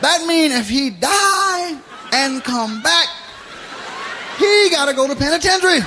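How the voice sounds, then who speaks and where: A man doing a stand-up routine, telling profane stories loudly and laughing along with his own jokes. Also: very high voice, lively intonation, unhurried, a crowd in the background. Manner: loud, profane storytelling that keeps breaking into laughter. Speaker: stand-up comedian. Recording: noisy live recording.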